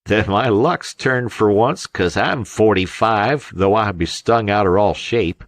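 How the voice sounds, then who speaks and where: A man voicing a fat, tubby little old fisherman in an audiobook, snappish and grumbling in a slow drawl. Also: fairly low pitch, no room sound, voice pushed up. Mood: boastful.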